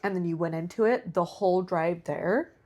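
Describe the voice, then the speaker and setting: A young woman co-hosting a podcast, relaxed and casual, with lots of fillers. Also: on the low side, moderate pace. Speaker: podcast co-host. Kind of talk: casual chat.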